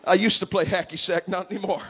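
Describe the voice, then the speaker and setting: Pastor guy, really high voice, preaching hard, gets loud and sing-songy. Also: steady tone, fast, a little hiss or hum. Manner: fervent, building to shouting, chanting cadence. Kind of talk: impassioned sermon.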